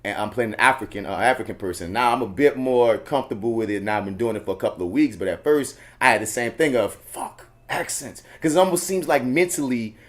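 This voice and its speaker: Relaxed New man, frank. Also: mid-range voice, quick pace, few pauses. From New Orleans. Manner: relaxed, frank, laughs easily. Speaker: stage actor. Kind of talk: casual podcast chat.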